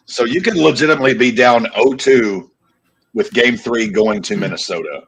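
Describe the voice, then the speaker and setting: A man co-hosting a sports podcast, relaxed, tossing in play-by-play updates between banter. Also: medium pitch, normal speed, slightly rough, rough recording. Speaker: podcast co-host. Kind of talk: casual sports chat with play-by-play calls.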